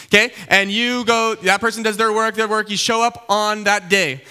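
Bright, high-voiced young male preacher. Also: moderate pace, clear, resonant tone. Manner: animated, conversational, keeps checking in with "okay?". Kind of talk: casual teaching sermon.

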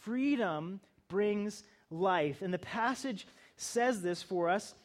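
A man's voice: high-pitched, takes it slowly. A middle-aged male pastor giving a conversational sermon, building to emphatic bursts.

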